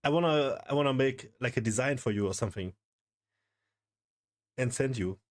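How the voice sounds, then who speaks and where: A young man streaming live, overwhelmed and excited, talking in loose slang and swearing. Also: medium pitch, moderate pace. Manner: excited, stunned, swearing, calls everyone bro. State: overwhelmed, shaking. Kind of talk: live stream reaction chat.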